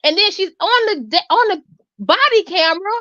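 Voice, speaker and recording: A woman, hosting and telling a story in an animated, emphatic way. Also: very high voice, normal speed, no room sound. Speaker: host. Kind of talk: casual storytelling chat. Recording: dull lo-fi sound.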